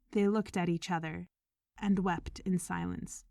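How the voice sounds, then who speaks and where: A woman reading a short story aloud in measured audiobook narration, sometimes dropping to a whisper. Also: fairly low pitch, steady tone, gravelly, darkish tone, no echo, studio quality. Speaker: audiobook reader.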